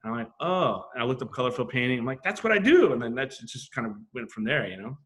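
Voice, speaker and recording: A middle-aged man's mid-range voice races along as he guests on a podcast as a graffiti artist. He tells stories in casual, profane chat, animated and acting out quoted exchanges.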